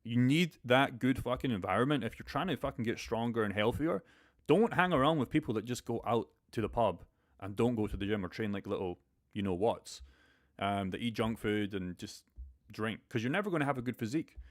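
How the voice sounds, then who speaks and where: Male streamer, young, fast and blunt, casual profane pep talk. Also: mid-range voice, lively intonation. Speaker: crypto live stream host. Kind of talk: casual live stream chat.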